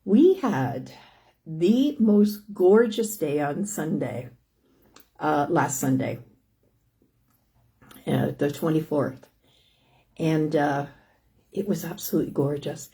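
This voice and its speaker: A woman's voice: low voice, expressive, slow pace, pauses often, warm tone. An older woman hosting a live stream, chatting casually and rambling with many restarts and "anyways". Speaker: host of a live stream about living with lung disease.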